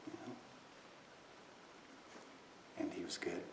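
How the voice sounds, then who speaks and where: A man giving a meditation talk, telling a personal story, acting out quoted voices and dropping to near whispers at times. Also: takes it slowly. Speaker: meditation teacher. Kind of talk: dharma talk. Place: meditation hall. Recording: echoey room, mic at a distance, faint noise.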